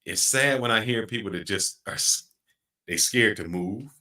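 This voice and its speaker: Middle-aged man, podcast host, lowish voice, bright forceful tone, reflective and earnest. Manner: reflective, earnest, slows down to stress points. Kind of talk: casual podcast chat.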